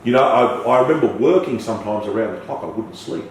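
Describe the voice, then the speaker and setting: This middle-aged podcast guest speaks fast at a medium pitch, animatedly telling stories in a casual interview, swearing and acting out the dialogue. He sounds far from the mic in an echoey room with faint background noise.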